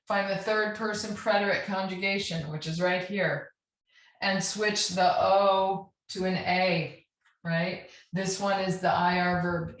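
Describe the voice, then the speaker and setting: A woman teaching a Spanish grammar lesson, patient and checking in often as she spells out verb endings. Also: on the low side. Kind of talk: classroom lesson. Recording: echoey room.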